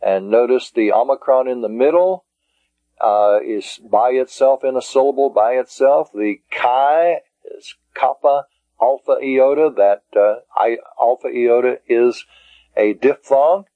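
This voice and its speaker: A man lecturing on Greek, taking his time and breaking each word into careful syllables. His voice sits at a middle pitch and is close and dry. The recording sounds dull and lo-fi. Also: warm tone, no echo. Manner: slow and deliberate, sounding out syllables. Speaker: Greek teacher. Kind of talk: classroom lecture.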